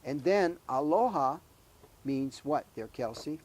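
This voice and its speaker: A man hosting a children's show, gently quizzing young guests and leading sing-alongs. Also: on the high side, animated, a little hiss or hum. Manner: slow, gentle, quizzing kids. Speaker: host. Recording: music behind voice.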